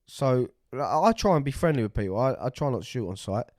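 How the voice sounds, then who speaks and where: A man's voice: medium pitch, expressive, quick pace, darkish tone, dry recording, studio quality. A man, hosting a podcast and telling a story casually, swearing freely and acting out the voices of the people he met. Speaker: podcast co-host.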